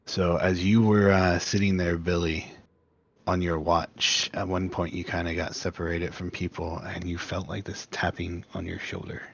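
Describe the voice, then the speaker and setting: A man's voice: low-pitched, flat delivery, moderate pace, vocal fry, husky, lo-fi sound. A man narrating as game master of a tabletop game, laid-back and rambling.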